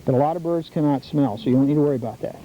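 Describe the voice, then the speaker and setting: His voice runs on the high side and he races through his words as he leads scouts on a nature walk by a birdhouse trail. He's a middle-aged host of an outdoor nature show, coaching them like an eager teacher, recorded in dull 1990s public access TV audio with faint noise.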